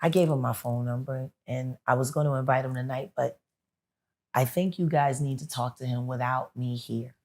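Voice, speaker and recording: A woman with a strikingly deep, low voice talks as a guest in a casual sit-down chat. She tells her stories with animation and slips into the voices of the people she's quoting. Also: normal speed. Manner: animated storyteller who acts out the people she quotes. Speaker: interview guest.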